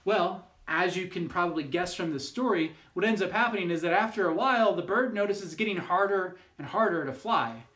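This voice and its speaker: A man's voice: high voice, lively intonation, fairly quick, few pauses, a bit bright, roomy sound. A man, a youth pastor, telling a fable in a casual, rambling way, with lots of fillers and restarts. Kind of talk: youth group devotional talk.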